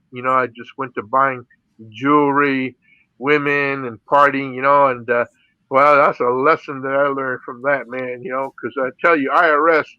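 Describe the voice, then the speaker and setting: A man's voice: mid-range voice, sharp tone, clean tone, no room sound, lo-fi sound. A middle-aged man from the Philippines, an interview guest and radio DJ, telling his stories in a casual way, laughing often and saying "you know" a lot. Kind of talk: casual storytelling.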